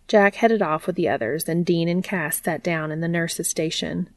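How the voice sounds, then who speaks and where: A woman reading a fan fiction story aloud in a steady, plain narrating manner. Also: on the low side, normal speed, hardly any pauses, no echo.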